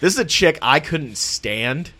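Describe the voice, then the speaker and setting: A man's voice: a little high, animated, unhurried, bright, forceful tone. A young man on a podcast, telling crude, laughing anecdotes in casual chat. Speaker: podcast co-host. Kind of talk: casual storytelling.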